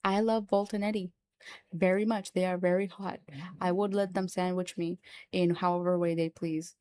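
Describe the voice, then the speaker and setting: A woman streamer and voice actor chatting live on stream, excitable and repetitive, swearing freely. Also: on the low side, normal speed, clear, resonant tone, no room sound. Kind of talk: casual livestream chat.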